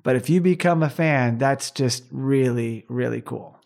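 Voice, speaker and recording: A man's voice: mid-range voice, a little slow, vocal fry. Earnest, rambling male podcast co-host. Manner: earnest, rambling, warm appreciation of fans. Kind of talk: casual podcast chat.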